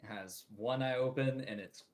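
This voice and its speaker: A man's voice: medium pitch, normal speed, slight background noise. A man running a tabletop game as dungeon master, calling out rolls and narrating the results casually. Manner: casual, chuckling, relaxed narration of dice results.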